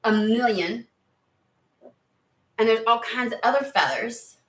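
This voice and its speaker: A woman chatting excitedly and rambling on tangents during a spiritual card reading video. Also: a little high, takes it slowly. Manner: excitable, rambling, lots of exclamations. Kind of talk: casual chatty reading vlog. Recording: roomy echo.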